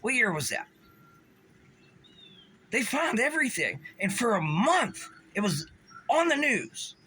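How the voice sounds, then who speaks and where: Sarcastic ranting man with a lively, bright voice. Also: extremely high pitch, takes it slowly, a little hiss or hum. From Pittsburgh area. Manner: agitated, sarcastic, stumbling over restarts. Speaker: vlogger. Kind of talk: angry profane rant.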